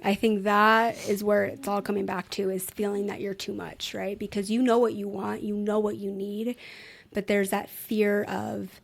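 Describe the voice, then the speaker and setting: A woman therapist in a podcast conversation, speaking calmly and reflectively and gently coaching with repeated questions. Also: medium pitch, normal speed, vocal fry. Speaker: therapist guest.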